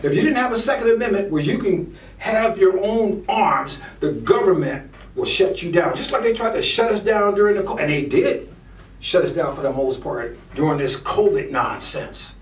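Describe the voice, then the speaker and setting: A man's voice: high-pitched, animated, moderate pace, far from the mic. A man ranting fervently in a preachy style, often repeating words when worked up. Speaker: commentator. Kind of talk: impassioned political rant. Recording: echoey room, voice from off-mic.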